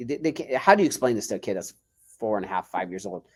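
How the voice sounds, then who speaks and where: With a lowish voice and a quick pace, this male martial arts instructor chats on a podcast. His storytelling is casual and animated, and he performs any quoted lines.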